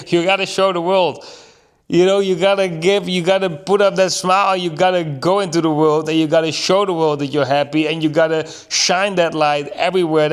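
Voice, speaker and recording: A man in an earnest, reflective monologue, thinking aloud with rhetorical questions and slowing down to stress key words. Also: on the high side. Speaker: vlogger.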